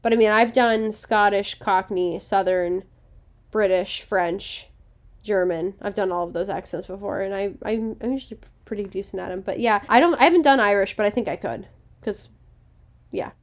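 A woman's voice: mid-range voice, moderate pace. A young woman co-hosting a podcast, giving frank, confident opinions in casual chat. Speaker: podcast co-host.

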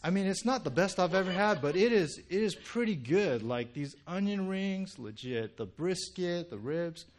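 Animated, chatty young male pastor. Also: high voice, moderate pace, hardly any pauses. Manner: chatty and animated, heavy "you know" and "right?" fillers, jokes with congregation. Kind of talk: casual conversational sermon.

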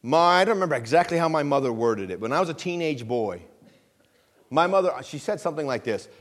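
In a church sanctuary, a middle-aged pastor delivers a conversational sermon, often checking in with the congregation in call-and-response fashion and slowing down to stress scripture phrases. His voice is on the high side and animated.

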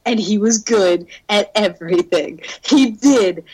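A young woman telling a dating story in casual podcast chat. She is animated, swears freely and laughs through her words. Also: mid-range voice, unhurried, rough recording.

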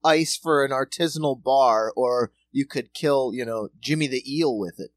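A man's voice: medium pitch, moderate pace, no room sound. Wisecracking, foul-mouthed podcast man. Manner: wisecracking, swears a lot. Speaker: podcast co-host. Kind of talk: casual profane chat.

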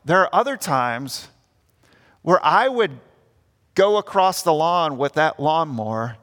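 A man's voice: on the high side, very animated, slow pace, a bit bright. A young man preaching an earnest sermon as pastor, acting out the grumbling voices he quotes. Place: church. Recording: long church reverb.

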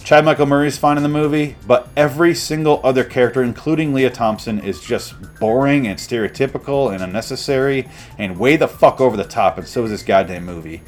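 A man's voice: medium pitch, brisk, faint music behind. Sarcastic profane young man reviewing a movie. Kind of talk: comedic movie review rant.

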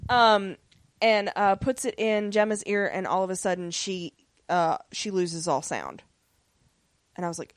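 A woman's voice: medium pitch, normal speed, no echo. Rambling woman recapping a TV episode. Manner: rambling, many fillers, acts out character lines. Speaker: podcast co-host. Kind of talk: casual episode recap chat.

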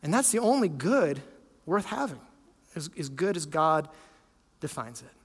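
A man's voice: on the high side, very animated, measured pace, slightly rough, in a large hall. A man, a lead pastor, preaching a sermon in an earnest, conversational way, often restarting his sentences.

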